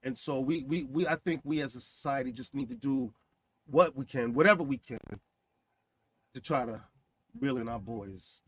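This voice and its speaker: A man hosting a talk discussion, earnest and halting, with many fillers. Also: medium pitch, sing-song, creaky, dry recording.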